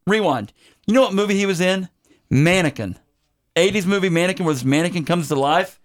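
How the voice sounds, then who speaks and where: This male podcast host has a high, expressive voice and a brisk delivery. On his comedy show about bad movies, he keeps things casual, joking his way through the credits and leaning on lots of fillers.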